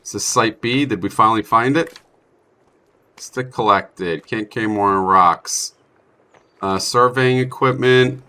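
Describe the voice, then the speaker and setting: A man's voice: mid-range voice, measured pace, pushed and bright. A young man commentating his own gameplay in a chatty, self-mocking way, with sudden startled outbursts. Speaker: streamer playing a survival game. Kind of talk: let's play commentary.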